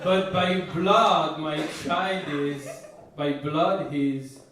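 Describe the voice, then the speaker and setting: Boastful deadpan comedian, echoey and distant. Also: male voice, fairly high pitch, a crowd in the background. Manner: boastful deadpan delivery with halting restarts. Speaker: stand-up comedian. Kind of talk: stand-up comedy set. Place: comedy stage before a laughing audience. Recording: echoey, distant live room mic with noise.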